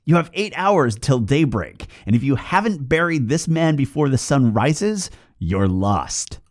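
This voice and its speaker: A man's voice: medium pitch, very animated, measured pace, dry recording, studio quality, pitched above the performer's own voice. A man doing a menacing little gray fairy man. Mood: threatening. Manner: issues orders and threats. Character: small gray male fairy leader, commanding and menacing.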